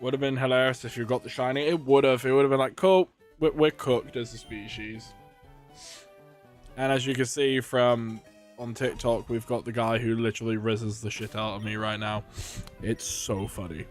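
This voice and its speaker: A man's voice: mid-range voice, completely flat delivery, brisk, soft background music. British man swearing casually. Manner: joking, swears often, laughs at himself. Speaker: game streamer. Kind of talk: casual live-stream chat with viewers.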